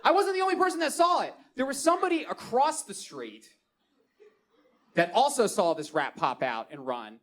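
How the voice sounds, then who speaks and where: A young man with a Baltimore accent performs stand-up comedy. His voice sits high for a man and swings widely up and down as he spins animated, playful stories. He delivers the set from a comedy club stage. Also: moderate pace. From Baltimore, Maryland.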